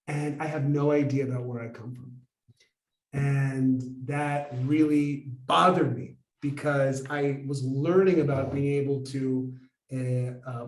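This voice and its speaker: A man telling an animated personal story to a live audience. He acts out the dialogue and asks the audience questions. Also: mid-range voice. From United States. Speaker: speaker. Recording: roomy echo.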